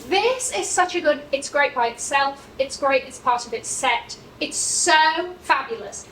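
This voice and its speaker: A woman's voice: sits high, animated, unhurried, a bit bright. Playful British woman in an echoey room. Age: young adult. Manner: playful teasing banter. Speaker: vlog host. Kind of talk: casual chat. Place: home closet, echoey room. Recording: roomy, distant, faint noise.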